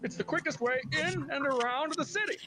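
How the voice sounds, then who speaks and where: A man voicing a timid old mayor and fretful husband who stammers, pleads and breaks into song in an animated film. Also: very high voice, brisk, noisy background. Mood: explaining.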